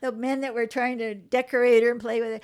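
A woman author from Hawaii telling lively stories about her mother in a casual interview, acting out the voices of the people in them. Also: a little high, fast. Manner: animated storyteller acting out quoted voices. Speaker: memoir author, guest.

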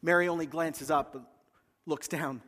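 Man preaching, high voice, dramatic storytelling, long hall reverb. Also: fairly even intonation, moderate pace, a bit bright. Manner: dramatic storytelling, acting out voices of scripture figures. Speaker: pastor. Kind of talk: sermon.

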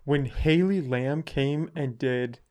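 A young podcast host with a mid-range voice tells a story slowly but animatedly, acting out what people said. It's a casual storytelling segment.

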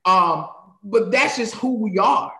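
Man, pastor, high voice, preacher cadence, echoey room. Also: slow. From North Carolina. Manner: animated storyteller, shifts into sermon cadence. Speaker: pastor, guest. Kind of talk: conversational interview, preacherly.

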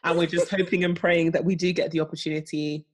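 A woman's voice: lowish voice, level tone, fast. A young woman co-hosting a podcast in casual chat, bubbly and playful with jokey asides. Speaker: podcast co-host.

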